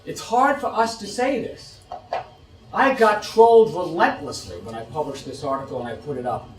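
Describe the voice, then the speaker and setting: Man from the United States, middle-aged, lecturing, animated rhetorical questions, slightly higher voice, echoey room. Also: normal speed, far from the mic. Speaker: policy expert giving a talk. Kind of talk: lecture to an audience.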